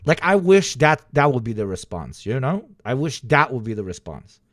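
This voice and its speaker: A man rants on a livestream, swearing and mocking in put-on voices. His pitch swings widely as he talks. The sound is close and dry, with no room around it. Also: normal speed, dry recording. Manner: profane, animated ranting with sarcastic mock voices. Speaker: streamer. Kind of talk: casual livestream commentary.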